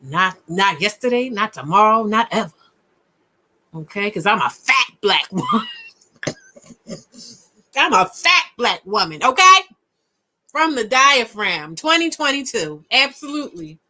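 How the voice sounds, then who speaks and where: A woman in a casual chat who rants with punchy repetition. Her pitch swings widely, from low muttered asides to loud, high bursts. Her tone is bright and forceful. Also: big pitch swings, unhurried, long pauses. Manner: emphatic and ranting, with punchy repetition. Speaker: podcast co-host.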